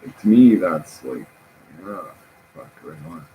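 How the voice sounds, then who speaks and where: A man talking in a rambling, halting casual monologue, often laughing at his own jokes. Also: deep voice, very animated, phone-quality sound, slight background noise.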